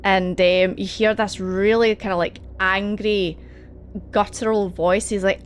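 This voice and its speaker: A woman's voice: medium pitch, steady tone, a little slow, a little hiss or hum. A woman narrating as game master, hesitating often over fillers and laughing between lines. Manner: hesitant, filler-heavy, giggly.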